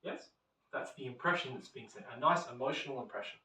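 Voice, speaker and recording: A man with a mid-range voice talks fast while giving a casual classroom lecture, animatedly telling stories and acting out little quoted voices. He's recorded from far off in an echoey room.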